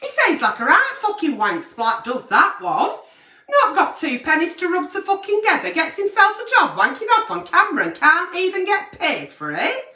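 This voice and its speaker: A woman's voice: very high voice, huge pitch swings, moderate pace, sharp tone, recorded from a distance. A woman hosting a late-night agony aunt show, blunt and brash and swearing constantly as she gives advice. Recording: echoey room, away from mic.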